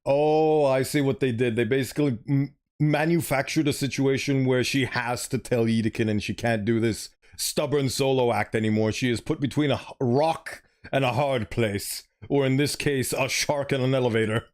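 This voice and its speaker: A man's voice: mid-range voice, steady tone, normal speed, few pauses, a little mellow. A man streaming a story game, reading it aloud and chatting animatedly, sometimes fumbling for words.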